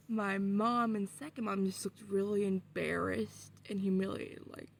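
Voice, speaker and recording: A woman vlogger telling a story in casual, excitable talk, swearing often. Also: medium pitch, a little slow, vocal fry, hardly any pauses.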